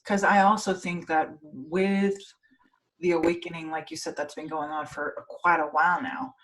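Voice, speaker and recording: Woman, podcast host, earnest, emotional, repeats phrases, lowish voice. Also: little pitch movement, moderate pace, fairly bright tone, poor audio. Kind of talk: casual conversation.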